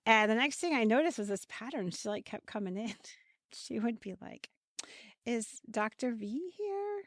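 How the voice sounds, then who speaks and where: Fairly high-pitched and a bit quick, this woman co-hosts a podcast in a relaxed, chatty way, often breaking into laughter. The studio sound is clean and dry.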